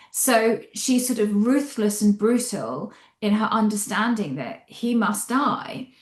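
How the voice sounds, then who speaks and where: A woman novelist answering interview questions about her writing, speaking in an animated, expressive way and thinking aloud as she goes. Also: medium pitch. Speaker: novelist discussing her book. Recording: roomy echo.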